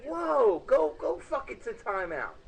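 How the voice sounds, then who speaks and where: A man's voice: very high-pitched, big pitch swings, unhurried, vocal fry, a little hiss or hum, poor audio. A man hosting a podcast, teasing his guest in swearing banter. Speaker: podcast host. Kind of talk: casual chat.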